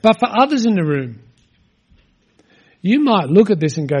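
A middle-aged man delivers a sermon in a high-pitched voice. He speaks earnestly and conversationally, leaning on rhetorical questions to draw his congregation in. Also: very animated, normal speed, pauses often, darkish tone, husky. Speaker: pastor.

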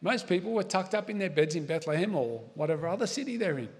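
A middle-aged pastor preaches a conversational sermon in a fairly high voice. He leans on asides and rhetorical questions to his listeners. His voice rings out with a long reverb, as if heard in a large hall. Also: lively intonation, quick pace.

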